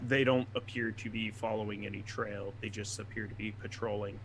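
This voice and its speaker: A man's voice: on the low side, fairly even intonation, brisk, slight background noise. A man narrating a tabletop game as game master, describing scenes and guiding the players through their rolls.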